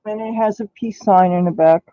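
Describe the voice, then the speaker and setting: A man's voice: sits high, brisk, dark tone, no echo, lo-fi sound. A man hosting a casual live stream while baking in his home kitchen. He is chatty and coos baby talk at his cat.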